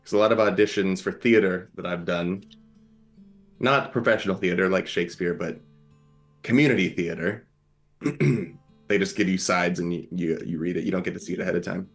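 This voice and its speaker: A man's voice: sits low, moderate pace, faint music behind. A man guest in a casual chat, joking and self-deprecating as he gets ready to read. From not American.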